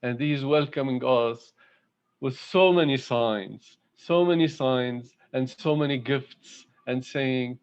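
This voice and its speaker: A man giving a devotional talk at an online spiritual gathering, speaking in a halting, heartfelt way with many pauses and fillers. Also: mid-range voice, clean tone, muffled recording. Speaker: satsang speaker. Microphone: video call.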